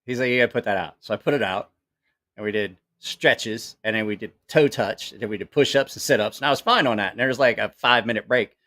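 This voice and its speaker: Speaking a little fast in a fairly low voice, this middle-aged man hosts a livestream from home while family is nearby. He chats casually with the live audience, spinning rambling stories. He's animated and profane, laughing often.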